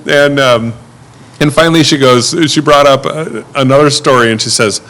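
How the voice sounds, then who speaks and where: A man's voice: mid-range voice, moderate pace, a bit bright. A man who works as a rideshare driver telling stories in a casual chat, mimicking his passengers. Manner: easygoing storyteller, mimics passengers. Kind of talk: casual storytelling on a podcast.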